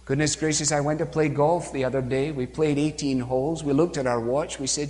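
A man's voice: fairly high pitch, steady tone, a little fast, a little mellow. A man preaching a sermon, emphatic, with rhetorical questions and acted-out quotes, recorded in a church with a long reverb.

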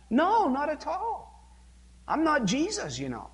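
A man's voice: very high-pitched, wildly swooping pitch, measured pace. A man preaching a sermon, emphatic, with rhetorical questions and acted-out quotes, recorded in a church with a long reverb.

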